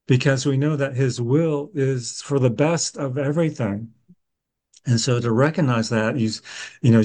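Man reading bible verses and explaining them, steady and calm about it. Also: mid-range voice, low-quality recording. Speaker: co-host of a Bible discussion. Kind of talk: conversational Bible study.

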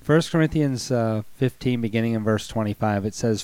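A man with a cold and a raspy voice, co-hosting a conversational Bible study and explaining verses step by step. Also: mid-range voice, normal speed, hardly any pauses, a little mellow, no echo. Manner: explains scripture step by step, affirming often. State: hoarse from a cold. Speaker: co-host of a Bible study show.

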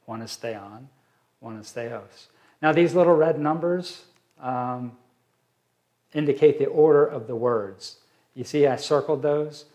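A man with a medium-pitched, darkish voice teaches a Bible study. He reads verses aloud and explains them slowly, using fillers.

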